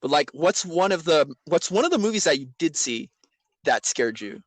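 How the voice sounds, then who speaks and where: A man hosting a podcast in casual chat, animated and teasing, laughing often. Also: on the high side, moderate pace, dry recording. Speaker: podcast host.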